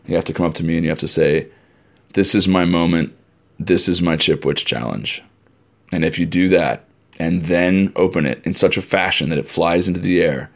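Man, low voice, middle-aged, camp director, informal podcast storytelling, animated. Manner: animated storyteller, acting out crowd shouts.

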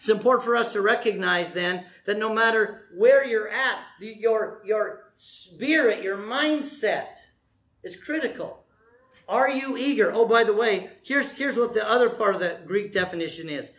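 A man preaching a lively, joking sermon, acting out short quotes as he goes. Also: high voice, moderate pace, reverberant. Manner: animated, jokey preaching with acted-out voices. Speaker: pastor.

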